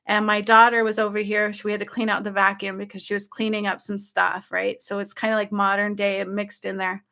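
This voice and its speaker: A woman telling her viewers about a dream in casual, excited speech, often checking in with "okay?" and "like". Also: medium pitch, a little fast, creaky. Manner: excited, breathless storytelling with frequent "like" and "okay?". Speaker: spiritual channel host.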